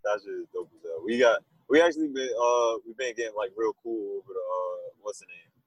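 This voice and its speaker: Husky-voiced young man, chatty and rambling. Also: on the low side, fast, dry recording, dull audio. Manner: rambling, animated storytelling with laughs. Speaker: musician guest. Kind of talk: casual interview chat.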